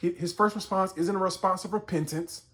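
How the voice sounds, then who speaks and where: A man's voice: high-pitched, fairly even intonation, a little fast, fairly bright tone. A man teaching a Bible story in a conversational way, building to emphatic outbursts. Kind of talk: explaining scripture to camera.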